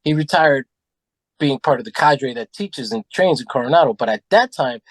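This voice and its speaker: A man telling animated stories in a casual podcast chat, acting out what people said and swearing freely. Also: medium pitch, moderate pace, no room sound. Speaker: podcast guest. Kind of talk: casual storytelling.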